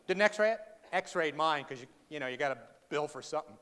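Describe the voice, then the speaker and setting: High-voiced man joking from a stage. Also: lively intonation, brisk, fairly bright tone, a little hiss or hum. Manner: sarcastic, self-deprecating, quizzes the audience. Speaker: humorous speaker. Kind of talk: humorous keynote storytelling to a live audience. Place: large hall with live audience. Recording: reverberant hall, faint background ambience.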